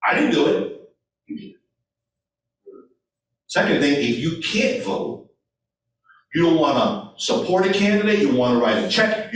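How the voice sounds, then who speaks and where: Man speaking from far off in an echoey hall. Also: a little high. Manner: animated, acts out voters' replies. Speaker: guest speaker. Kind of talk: speech at a meeting. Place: meeting hall.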